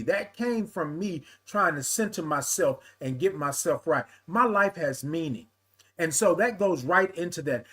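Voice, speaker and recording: Guy hosting a morning livestream, kinda high voice, playful sing-song energy. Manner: lively, playful, sing-song with laughs and calls of "y'all". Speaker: livestream host. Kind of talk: live-stream morning talk, reading viewer comments.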